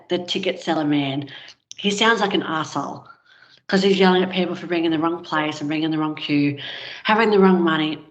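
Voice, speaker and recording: Woman guest, lower register, candid storyteller, muffled lo-fi recording. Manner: candid, frank, with filler words. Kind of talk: personal storytelling in conversation. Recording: dull, lo-fi sound.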